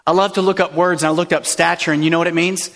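High-voiced man preaching in a reverberant hall. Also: steady tone, fast talker, fairly bright tone. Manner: playful, conversational preaching with asides to a baby. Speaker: pastor. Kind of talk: sermon. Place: church sanctuary. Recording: long reverb in a large hall.

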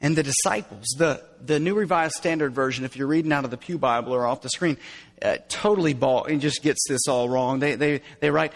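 A man preaching a sermon, explaining scripture in an animated way and dropping to hushed tones as he acts out quoted lines. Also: mid-range voice, a little fast, long reverb tail. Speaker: pastor.

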